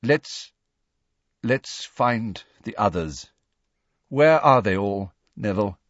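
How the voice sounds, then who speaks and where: A man's voice: lowish voice, lively intonation, extremely slow, no echo, dull audio, heavily acted. A man voicing a weary, pained grown wizard. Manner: quiet, pained. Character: weary, grieving grown wizard, gentle and restrained.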